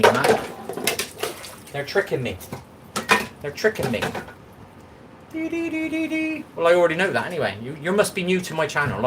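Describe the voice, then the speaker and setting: A man's voice: medium pitch, background noise. An English man hosting a casual livestream while he cooks, rambling and talking back to chat comments. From England. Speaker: livestream host.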